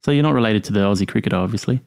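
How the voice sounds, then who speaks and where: A man's voice: lowish voice, very fast, creaky, a little mellow. A man hosting a call-in podcast, chatting casually and laughing easily with co-host and callers. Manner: friendly, banters and laughs easily.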